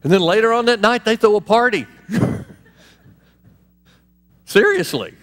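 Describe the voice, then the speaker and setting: A male pastor preaching in a lively, conversational way, with laughs and asides to the congregation. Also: high-pitched, unhurried. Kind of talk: sermon. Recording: long hall reverb.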